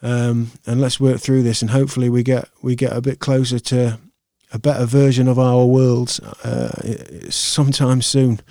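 A man closes out his podcast in a loose, rambling chat full of ums and false starts. His voice is mellow and fairly flat in pitch, recorded dry and close on a podcast mic. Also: moderate pace, hardly any pauses, dry recording. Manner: rambling, chatty, loose, many fillers and restarts. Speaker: podcast host. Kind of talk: casual podcast sign-off. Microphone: podcast microphone.

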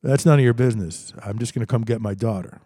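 A man's voice: mid-range voice, sing-song, normal speed, gravelly, a little mellow, breathy edge, no echo, studio quality, exaggerated voice. A man voicing an agitated, suspicious father on the phone who stammers and snaps defensively.

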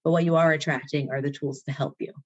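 This podcast guest, a woman authoring a self-care book, has a low, steady voice with a breathy edge and talks fast, though the audio is dull. She's effusive and motivational, laughing often throughout the enthusiastic chat.

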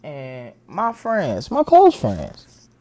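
Lively low-voiced woman ranting bluntly. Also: drawn-out words. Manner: blunt, heated, repetitive. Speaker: podcast host. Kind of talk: profane comedic rant.

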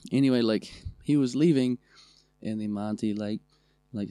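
A man's voice: lowish voice, normal speed, no echo, faint music behind. A man with a New Zealand accent telling funny family stories in casual chat, swearing freely. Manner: swearing, animated storytelling. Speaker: podcast co-host.

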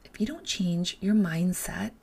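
A woman's voice: on the low side, expressive, unhurried, vocal fry, warm tone, husky. A middle-aged woman hosting a solo podcast, giving blunt, emphatic motivational talk with casual swearing and a lot of repetition. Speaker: podcast host and life coach.

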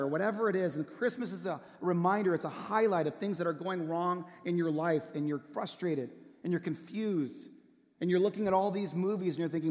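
A man preaching a sermon, telling a personal story in an earnest way that sometimes drops to a hush. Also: on the high side, brisk. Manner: earnest storytelling, drops to a hushed voice for tender moments. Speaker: pastor. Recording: long hall reverb.

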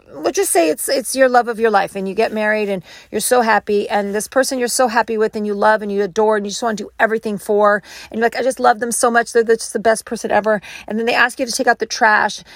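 A woman giving a motivational self-help talk, animated and acting out quoted inner voices. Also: on the high side, creaky, no room sound, studio quality.

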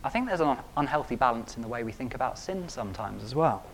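A man preaching a sermon, stressing key words by repeating them and rising to loud peaks. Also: mid-range voice, lively intonation, fast talker, a little hiss or hum.

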